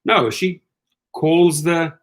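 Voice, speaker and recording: Middle-aged male host, slightly high voice, ranting casual commentary, animated and incredulous. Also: very slow. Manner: animated, incredulous, acts out quoted lines.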